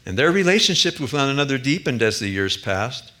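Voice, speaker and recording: A male pastor delivers a sermon in a bright, forceful voice. He talks earnestly, swelling to emphatic high points and then sinking low and soft. His pitch sits in an ordinary middle range for a man. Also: sing-song, brisk. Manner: earnest, rises to emphatic peaks then drops quiet.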